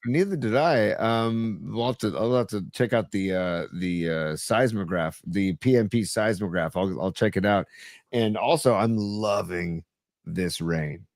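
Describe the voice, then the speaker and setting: A middle-aged man co-hosting a casual sports podcast, laid-back, often trailing off quietly and chiming in with short agreements. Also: fairly low pitch, normal speed, no room sound, clean studio sound. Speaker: podcast co-host.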